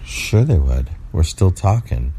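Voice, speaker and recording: A man's voice: deep voice, sing-song, measured pace, warm tone, slightly rough. A man co-hosting a podcast, talking in a rambling, playful, teasing way and sounding tired. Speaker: podcast co-host. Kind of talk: casual chat.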